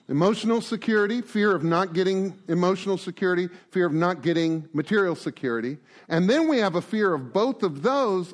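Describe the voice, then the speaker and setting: Animated man giving a recovery talk. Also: fairly high pitch. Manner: animated, acts out conversations, frequent "right?" and "man". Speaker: recovery group speaker.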